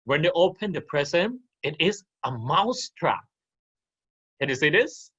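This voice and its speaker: A man's voice: fairly high pitch, sing-song, unhurried, fairly bright tone, slightly rough, lo-fi sound. A man teaching an online class, telling a farmyard story and asking his listeners questions as he goes. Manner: interactive, asks the audience questions.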